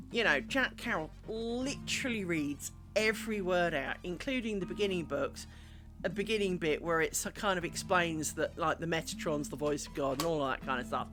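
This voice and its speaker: A woman chatting casually on a live craft stream, rambling through stories and muttering at herself as she works. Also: on the low side. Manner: mutters and scolds herself while working. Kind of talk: casual live-stream chat while working. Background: music playing.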